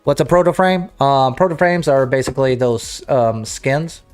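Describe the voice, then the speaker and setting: A man's voice: medium pitch, moderate pace, darkish tone, faint music behind. Rambling livestream host, man. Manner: rambling, self-interrupting, clears throat. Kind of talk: casual livestream chat.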